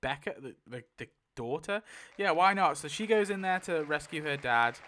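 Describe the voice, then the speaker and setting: Excitable man host, casual chat, laughs a lot, swears, bright clear voice. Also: fairly high pitch, normal speed. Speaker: YouTube host.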